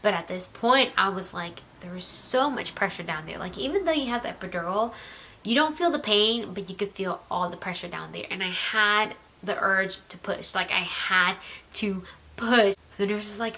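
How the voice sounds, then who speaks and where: A young woman telling a personal story in a chatty vlog style, full of "like" fillers and slipping into a soft whisper. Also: mid-range voice, moderate pace. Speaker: vlogger.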